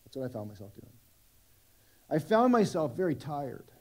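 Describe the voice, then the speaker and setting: A man's voice: fairly high pitch, very animated, normal speed. A middle-aged man preaching a sermon at a church service, conversational and self-deprecating, with many restarts. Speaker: pastor.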